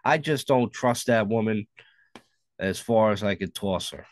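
A man's voice: fairly low pitch, measured pace, dry recording. A man co-hosting a podcast, joking crudely in casual banter. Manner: crude, joking, laughs often. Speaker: podcast co-host.

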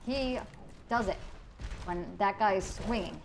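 A woman's voice: medium pitch, measured pace, vocal fry, noisy background. A woman streaming a video game, talking casually to her chat and swearing often out of frustration. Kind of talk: casual live gameplay commentary.

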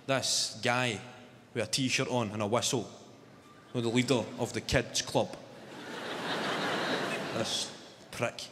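A man's voice: medium pitch, big-room sound, noisy background. A Scottish man in his twenties with a Glaswegian accent, doing a stand-up routine on an arena stage into a microphone, telling punchy stories and slipping into character voices. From Scotland. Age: 20s. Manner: punchy storytelling, jumps between character voices. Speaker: stand-up comedian. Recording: live arena recording with loud crowd. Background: loud audience laughter.

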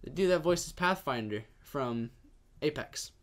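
A young man co-hosting a casual podcast, easygoing and quick to agree. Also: on the high side, expressive. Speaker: co-host.

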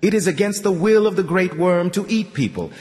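A man's voice: high-pitched, brisk, darkish tone, big-room sound, voice pushed up, lightly acted. A man voicing a young male captive who questions his captors tensely and urgently.

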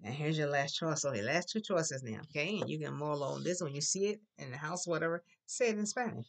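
A teacher running a classroom language drill, patiently prompting the class and loudly modeling words for them to repeat. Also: medium pitch, lively intonation, a little fast, creaky. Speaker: Spanish teacher.

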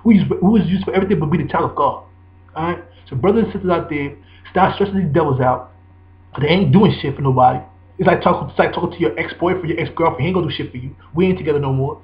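Fast, profane New man ranting. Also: fairly high pitch, highs cut off. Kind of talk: ranting monologue.

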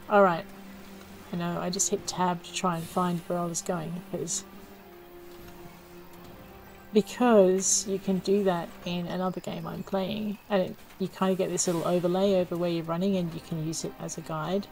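A woman's voice: on the low side, vocal fry, poor audio. A woman giving casual, self-mocking commentary while playing a video game, thinking aloud as she goes. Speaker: let's play gamer.

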